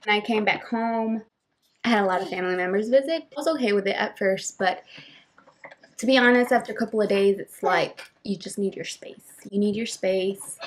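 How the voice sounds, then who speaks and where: A woman's voice: mid-range voice, normal speed, slight background noise. A young woman telling a personal story in a candid vlog, switching between English and Spanish mid-sentence with emphatic, emotional retelling. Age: young adult. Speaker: vlogger.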